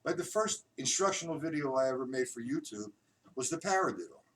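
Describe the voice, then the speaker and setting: A man's voice: mid-range voice, expressive, a little fast. A man teaching drums in a live stream, counting beats aloud in a loose, chatty way. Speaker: drum instructor. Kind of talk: live-streamed drum lesson. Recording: distant mic, loud background noise.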